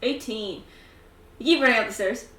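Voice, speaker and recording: A woman narrating as game master, animated and laughing often, with lots of "like" fillers. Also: fairly high pitch, moderate pace, background noise. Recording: echoey room, mic at a distance.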